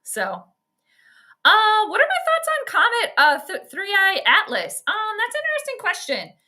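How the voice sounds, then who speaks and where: A woman talks through a live stream from her home, rambling and chatty as she follows the game and answers viewers. Her voice sits high and sounds bright and forward. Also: huge pitch swings, normal speed. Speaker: host of an astrology sports livestream. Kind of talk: casual live commentary and chat.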